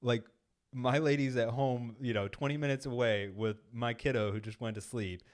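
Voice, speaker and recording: A man's voice: medium pitch, steady tone, moderate pace. A man co-hosting a podcast, telling a long casual story in a studio, full of "like" and acted-out quotes. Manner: rambling, heavy use of "like", acts out quoted lines. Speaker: podcast co-host. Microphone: studio microphone.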